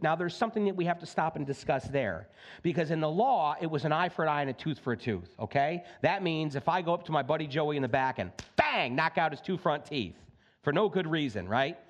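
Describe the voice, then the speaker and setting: Male pastor with a fairly high voice, preaching casually and acting out the quotes. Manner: conversational, folksy preaching with acted-out quotes. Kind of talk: sermon. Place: church sanctuary.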